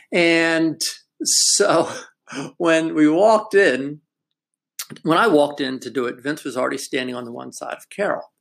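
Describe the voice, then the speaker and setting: A man's voice: medium pitch, gravelly. An older man in casual chat, telling a family story in a reflective way and laughing now and then.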